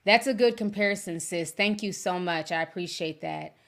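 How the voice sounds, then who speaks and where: A woman whose first language is Yoruba, hosting a livestream podcast in casual chat and reading viewer messages, talking in a chatty, animated way with frequent laughs. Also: fairly low pitch, moderate pace. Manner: chatty and animated, laughs often, slangy asides.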